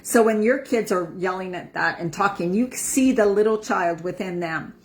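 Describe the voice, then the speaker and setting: A woman's voice: mid-range voice, normal speed. A woman in her fifties giving a casual motivational talk as an empowerment coach, chatty and repeating words for emphasis. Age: 50s.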